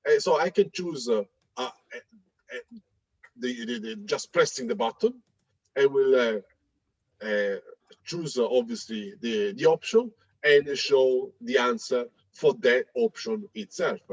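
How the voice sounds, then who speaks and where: Guy walking thru a software demo, husky voice, lots of uhs, dry muffled lo-fi mic. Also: mid-range voice, lively intonation, slow, no echo. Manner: hesitant, many fillers and restarts. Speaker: presenter demonstrating software. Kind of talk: live tech demo talk.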